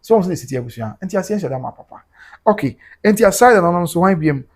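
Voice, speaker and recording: Reading out viewer comments on his livestream, a Ghanaian host speaks fast in a fairly high voice, switching back and forth between Twi and English. He stays animated the whole way through.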